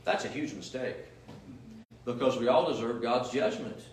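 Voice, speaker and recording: A man's voice: mid-range voice, moderate pace, a little hiss or hum. A male pastor preaching a sermon in an emphatic, repetitive style full of rhetorical questions, heard in a church. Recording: echoey room, mic at a distance.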